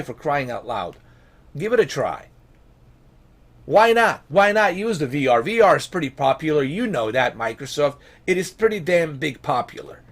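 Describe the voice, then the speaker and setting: A male gaming vlogger on a heated rant, his somewhat high voice swinging widely up and down. He sounds exasperated and pleading, swearing freely and hammering rhetorical questions. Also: husky. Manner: pleading and emphatic. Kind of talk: ranting vlog commentary.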